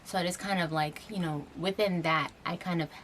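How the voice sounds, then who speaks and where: A woman's voice: fairly low pitch, fairly even intonation, brisk, a bit bright. A young woman in her twenties talking to camera in a personal vlog, earnest and rambling, with lots of fillers and restarts, tearful as she speaks. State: tearful, getting emotional. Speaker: vlogger. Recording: faint background noise.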